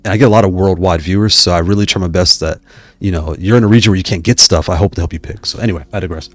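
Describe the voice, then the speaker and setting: Low-voiced rambling man on a live stream. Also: rapid-fire, no echo. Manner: rambling, self-interrupting, digressive. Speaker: YouTube host reading live chat.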